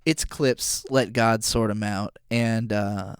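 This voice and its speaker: A man's voice: fairly low pitch, fairly even intonation, slow, clean tone, no echo, clean studio sound. A young man from Virginia talking through his favorite albums in a rambling, emotional way, full of fillers. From Virginia, USA. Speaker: music reviewer. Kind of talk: casual album review monologue.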